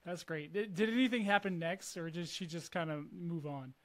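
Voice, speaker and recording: A man's voice: on the high side, moderate pace, a bit bright. A man hosting a casual interview, responding to his guest with affirmations and thinking aloud. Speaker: podcast host.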